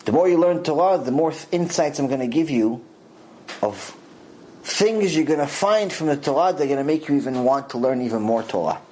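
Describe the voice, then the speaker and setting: A man giving a lively religious lecture as a Torah teacher, repeating phrases for emphasis and acting out quotes. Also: on the high side, low-quality recording.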